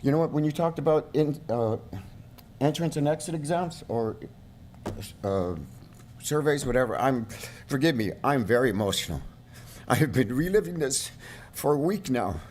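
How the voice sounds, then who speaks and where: A middle-aged man giving an emotional public comment at a county board meeting, his voice rising toward shouting at its peaks, speaking at a podium microphone. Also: medium pitch, expressive, moderate pace, pauses often, slight background noise. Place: council chamber.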